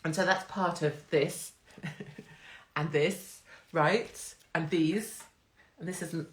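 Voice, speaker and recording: A woman's voice: sits low, fairly even intonation, takes it slowly, long pauses. Brash, laughing woman streaming live. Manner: brash, jokey, swearing, laughs often. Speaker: host. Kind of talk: casual live-stream chat. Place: home, live phone stream. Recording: roomy echo.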